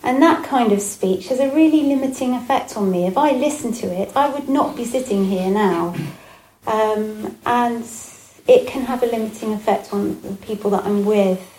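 A woman giving a Buddhist dharma talk, gentle and reflective, with frequent pauses and fillers. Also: a little high, slight background noise. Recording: echoey room with faint ambience.

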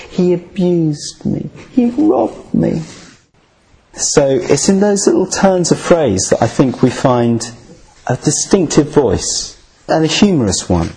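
A man's voice: mid-range voice, mellow, husky, rough recording. A man giving a lecture with dry, wry humour. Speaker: lecturer on Buddhism.

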